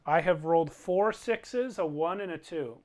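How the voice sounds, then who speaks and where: A man running a tabletop game as game master, thinking aloud over the rules in an unhurried way. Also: a little high, a little mellow.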